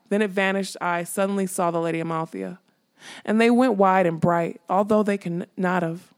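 A woman narrating a fantasy audiobook with steady storytelling. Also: on the low side, normal speed. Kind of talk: scripted narration.

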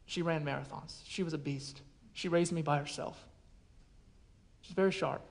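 A man preaching a sermon as a pastor, telling a personal story in an earnest way and often dropping to a hushed voice. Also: on the high side, steady tone, normal speed, vocal fry.

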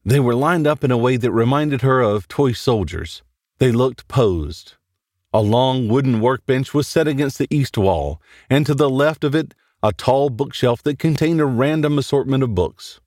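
Male horror narrator, measured storytelling, expressive pitch, dry close sound. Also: no room sound. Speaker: storyteller host.

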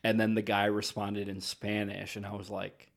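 A man's voice: fairly low pitch, monotone, normal speed, creaky. A man co-hosting a podcast, telling rambling travel stories in casual chat and mocking himself. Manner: rambling storyteller, self-mocking. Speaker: podcast co-host.

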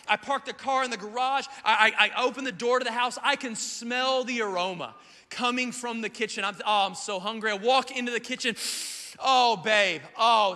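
A man in his thirties from South Carolina, preaching a sermon as a lively storyteller who acts out the quotes. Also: extremely high pitch. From South Carolina, USA. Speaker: pastor. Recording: church hall reverb.

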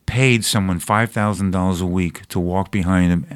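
Male comedian guest, deep voice, thoughtful and earnest. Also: steady tone, normal speed, smooth. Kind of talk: casual chat.

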